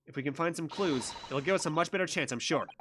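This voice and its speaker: A man's voice: on the high side, quick pace, sharp tone, a little hiss or hum. A man voicing an earnest, hesitant young male lawyer, with game music playing behind.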